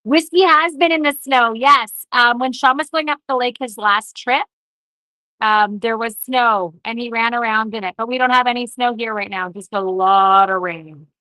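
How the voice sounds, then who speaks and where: A woman leads a casual card-making livestream at normal speed, greeting viewers, replying to their comments, and often half speaking to herself as she works. Her voice runs on the high side, fairly even in intonation, bright and forceful.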